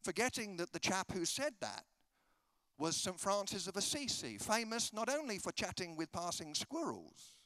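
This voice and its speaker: A man's voice: high voice, sing-song, moderate pace, sharp tone, no room sound. A British man preaching a humorous sermon, telling stories and acting out the dialogue in comic voices. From Britain. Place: conference hall.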